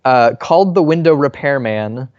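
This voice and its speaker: A man's voice: expressive, moderate pace, a little mellow, no echo, highs cut off. A man co-hosting a podcast, telling a family story in casual chat and acting out the people in it. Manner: storytelling, acts out quoted people with raised pitch. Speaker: podcast co-host. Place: apartment in New York.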